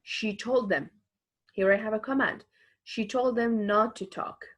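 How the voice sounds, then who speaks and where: Her voice is a little high with a steady tone. As an English teacher in a recorded online lesson, she explains patiently and slowly, going over each example again and using many fillers.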